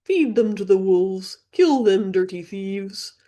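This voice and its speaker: A woman voicing a menacing raven that speaks slowly and repeats its threats with a deep, hearty laugh. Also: animated, mellow. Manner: slow, looming, repeats threats.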